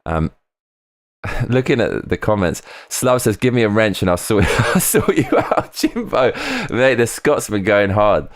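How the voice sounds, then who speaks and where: A man casually chatting on a live stream, reading out viewer comments, excitable and swearing often, repeating himself. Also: fairly low pitch.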